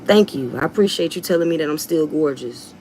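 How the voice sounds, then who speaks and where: A woman's voice: low-pitched, animated, a little fast, darkish tone, slight background noise, poor audio. A woman with a Southern US accent, a mother, talking straight to her viewers in a blunt, defiant way with plenty of swearing. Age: adult, a mother. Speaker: vlogger and rapper. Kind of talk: casual talk to viewers.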